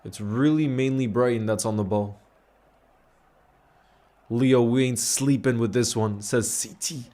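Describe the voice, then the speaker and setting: A man at a middling pitch hosts a football watch-along stream with easygoing, friendly chatter. He reads out viewer messages and gives them shout-outs in a relaxed, matey way between his reactions to the game. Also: a little slow, pauses often. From grew up largely in New York. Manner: laid-back and chummy, calling viewers "bro" and giving shout-outs. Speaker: livestream host of a match watch-along. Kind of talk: casual live watch-along chat, reading out viewer messages.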